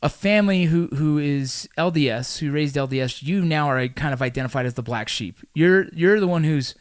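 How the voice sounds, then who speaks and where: A man's voice: a little high, normal speed, no echo, studio quality. A man hosting a podcast interview, chatting casually, often swearing and empathizing with his guest. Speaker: podcast host.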